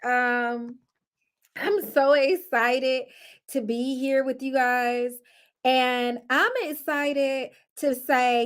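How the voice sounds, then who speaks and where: Young mom vlogging, high pitched, talks slow and chatty, laughs a lot. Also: female voice. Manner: chatty, laughs often, talks to her kids mid-sentence. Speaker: vlogger and mother. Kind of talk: casual chat to camera.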